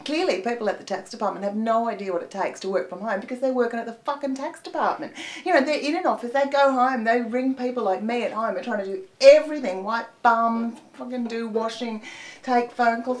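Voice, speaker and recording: Lively Australian woman comic, rambling. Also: a little high, fairly quick. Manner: chatty, rambling with frequent fillers, swears freely. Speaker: comedian. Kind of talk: comic monologue.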